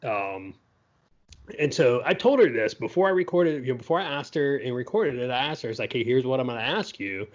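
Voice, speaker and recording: A man's voice: medium pitch, animated, brisk, highs cut off. A man co-hosting a podcast, telling a story in a loose, chatty way, full of "you know" and "right?" asides. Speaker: podcast co-host. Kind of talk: casual storytelling.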